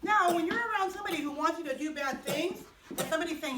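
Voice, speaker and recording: Animated woman telling a kids' Bible story. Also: extremely high pitch, fast, noisy background. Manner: animated, asks children questions. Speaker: children's chapel teacher. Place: chapel. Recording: echoey room from far off.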